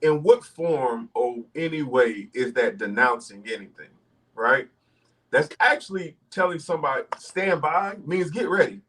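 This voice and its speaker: A man's voice: on the high side, expressive, measured pace, pushed and bright, distant mic, rough recording. A man co-hosting a casual podcast rant, talking emphatically and repeating his points. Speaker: podcast co-host.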